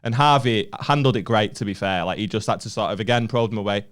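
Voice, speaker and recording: He speaks quickly with a fairly low voice: a young comedian from northern England co-hosting a podcast. Animated and often laughing, he tells a story in casual chat and acts out what others said.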